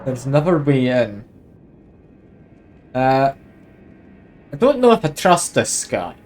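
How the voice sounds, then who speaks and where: A man's voice: mid-range voice, very animated, takes it slowly, a little mellow. A man with a Scottish accent chatting casually with his viewers while live-streaming a video game. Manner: chatty, easygoing, talks to chat while playing.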